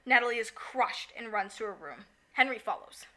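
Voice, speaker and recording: A woman with a very bright, slightly high voice co-hosts a casual podcast. She giggles often and slips into little acted-out lines while recapping a story. Her talk is animated and chatty. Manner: giggly, animated, acts out characters in quick asides. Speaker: podcast co-host. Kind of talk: casual chat recapping a musical.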